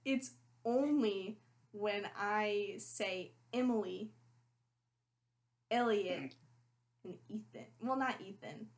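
A woman's voice: mid-range voice, slow pace. A woman with a Maryland accent hosting a casual podcast chat, teasing and giggly as she quizzes her friend. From Maryland, USA. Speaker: podcast co-host running the spelling bee.

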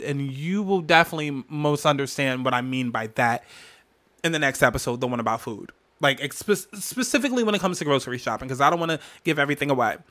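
Hosting a solo podcast, a man shares family memories candidly and emotionally, swearing a lot and breaking into animated bursts. His voice is a little high.

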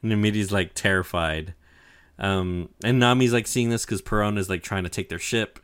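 Recapping an anime arc on a podcast, a young co-host chats casually, swearing, rambling, leaning on fillers and quoting characters' lines in their voices. He has a fairly low, fairly bright and clean voice at a normal speed.

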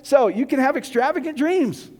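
A man preaching a casual, joking sermon, rambling and excitable, giddy from too little sleep. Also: extremely high pitch, moderate pace. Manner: rambling, excitable, long-winded. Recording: long reverb of a large hall.

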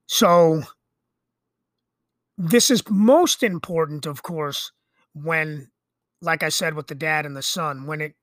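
A man's voice: on the high side, takes it slowly, pauses often, a bit bright, no room sound, clean studio sound. A middle-aged man hosting a podcast, talking in a rambling, conversational monologue full of fillers and restarts. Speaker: podcast host. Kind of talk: casual monologue.

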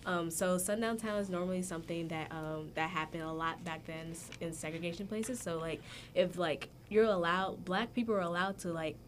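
A woman's voice: lowish voice, moderate pace, slight background noise. A woman co-hosting a podcast, explaining a topic in casual chat with many fillers and restarts. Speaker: podcast co-host.

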